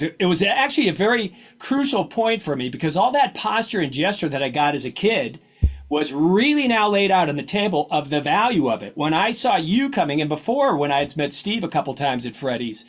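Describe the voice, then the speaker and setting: A male drummer telling an animated story in casual chat. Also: a little high. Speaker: drummer guest.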